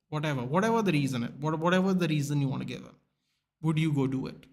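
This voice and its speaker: Man, young adult, blunt, swears a lot, casual stream chat, higher-pitched voice. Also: fast talker. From India. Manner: blunt and animated, swears often, calls people dude. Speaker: streamer chatting with live viewers.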